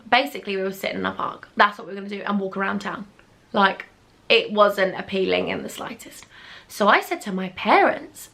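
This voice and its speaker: Young woman, bright voice, gushing storytime chat, pet names. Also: medium pitch, quick pace, gravelly. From England. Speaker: beauty vlogger.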